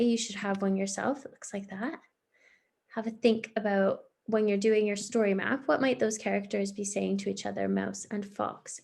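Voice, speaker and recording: A woman's voice: medium pitch, gravelly, darkish tone. A woman, a primary school teacher giving a recorded online lesson to young children, patient and encouraging as she explains step by step.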